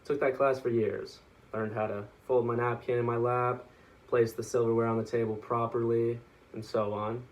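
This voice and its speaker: A man's voice: mid-range voice, level tone, normal speed, far from the mic, muffled recording. Young man giving a class speech. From Texas. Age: young adult. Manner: casual, joking, with small restarts.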